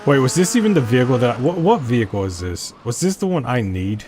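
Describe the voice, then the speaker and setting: A man's voice: mid-range voice, big pitch swings, quick pace, darkish tone, slight background noise. A man casually commenting while playing a video game, rambling and asking himself questions as he goes. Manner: rambling, self-questioning, chatty. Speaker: gameplay commentator. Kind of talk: casual let's play commentary.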